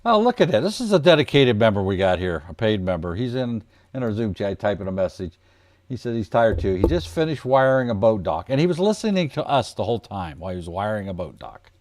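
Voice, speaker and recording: A man's voice: lowish voice, big pitch swings, brisk, a little mellow, no room sound. A man from Ohio hosting a casual trading livestream, folksy and joking, calling himself plain redneck. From Ohio, United States. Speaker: trading coach host.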